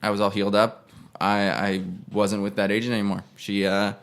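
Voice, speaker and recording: A man's voice: fairly low pitch, level tone, normal speed, a bit bright, clean tone. A young man, an actor, casually telling a personal story on a podcast and rambling with frequent self-corrections. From Canada. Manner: rambling, self-correcting, acts out voices in quotes.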